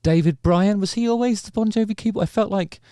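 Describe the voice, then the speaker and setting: A man's voice: sits high, quick pace, mellow, smooth, no echo, studio quality. A man hosting his own channel, giving playful, joking commentary on music performers. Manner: jokey, playful, drifts into mock voices. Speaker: YouTube channel host.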